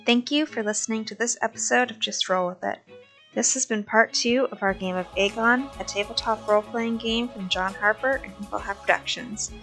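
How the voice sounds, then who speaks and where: A woman's voice: a little high, fairly quick. Woman host reading outro over music. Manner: steady, scripted reading. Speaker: podcast host. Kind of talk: read outro credits. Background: soft music.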